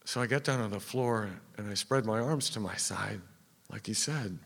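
A deep-voiced man with vocal fry and a fairly bright tone tells a story on a theater stage at a moderate pace. Speaking dramatically in the first person, he drops to a whisper in tense moments, and the hall's reverb is long.

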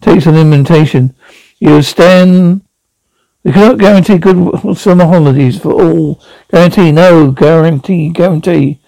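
Man reading an eccentric traveller, fussy and musing, dark, dry sound. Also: fairly high pitch, moderate pace, gravelly, dry recording, low-quality recording.

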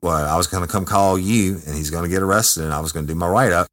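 A man, a former correctional officer, telling a story in a profane, emphatic, animated way. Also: low-pitched, fast. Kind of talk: casual storytelling.

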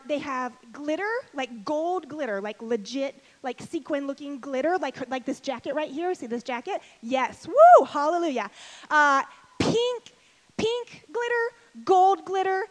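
High-voiced fast-talking woman speaker. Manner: fast-talking, chatty and self-deprecating. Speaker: speaker at a women's event. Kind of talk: lively stage talk to an audience.

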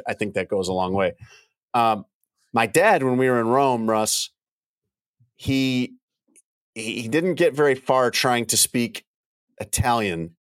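A man's voice: mid-range voice, clean tone, no echo, studio quality. A middle-aged man co-hosting a casual podcast chat, rambling and repeating phrases as he tells a travel story. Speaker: podcast co-host.

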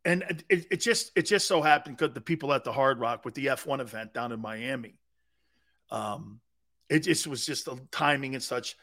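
A man's voice: mid-range voice, moderate pace, fairly bright tone. A man hosting a live sports talk show, telling a long, rambling anecdote in a casual way.

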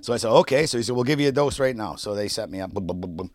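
A man's voice: lowish voice, animated, very fast, no room sound. A man telling a long personal story on a podcast in casual, profane chat, laughing often. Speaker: podcast co-host.

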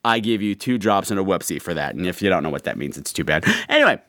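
Podcast host man, swooping lively pitch, dry close sound, chatty and campy. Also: fast talker, dry recording. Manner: chatty, animated storytelling with campy asides. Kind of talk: casual chat.

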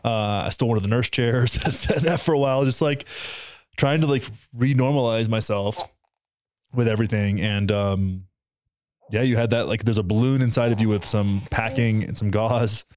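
A man's voice: on the low side, normal speed, darkish tone, dry recording, studio quality. Young man recounting an emotional story. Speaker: new father. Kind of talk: casual conversation.

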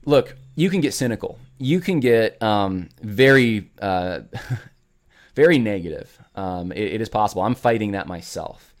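Animated man hosting a rambling monologue. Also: fairly low pitch, measured pace. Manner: rambling, many restarts and fillers, speaks to listeners directly. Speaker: show host. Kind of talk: casual commentary monologue.

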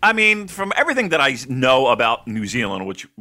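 A man co-hosts a loose, joking podcast chat, his pitch jumping around a lot. His voice is bright and forward. He riffs and teases his partner between questions. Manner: joking, animated, with a put-on slow describing voice at times. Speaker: podcast co-host. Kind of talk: casual podcast chat about wrestling.

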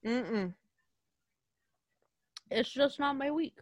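High, lively woman chatting animatedly. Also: very slow, no echo, studio quality. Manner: animated, swearing, laughing asides. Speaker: podcast co-host. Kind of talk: casual chat.

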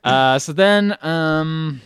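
A man's voice: on the high side, very slow, a bit bright, clean tone, no echo, studio quality. A young man co-hosting a podcast, casually recapping a movie and acting out the characters' lines in silly voices. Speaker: podcast co-host.

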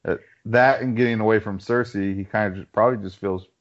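A man's voice: on the low side, fairly even intonation, quick pace. A man in a casual podcast chat, thoughtful and hedging as he explains his view at length. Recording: dull lo-fi sound.

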